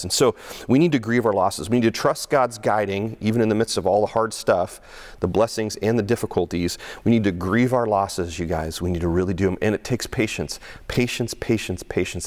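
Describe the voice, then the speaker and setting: A middle-aged male pastor preaching a conversational sermon, often restarting and repeating words, and acting out quotes in a raised voice. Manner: acts out quoted speech with raised pitch.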